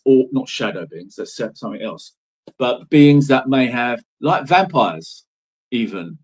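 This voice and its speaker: A middle-aged man speaks as an interview guest, telling stories in a loose, rambling way. He leans hard on words and swears casually. His voice sits at a middling pitch. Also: breathy edge, rough recording. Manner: rambling, emphatic, swears freely.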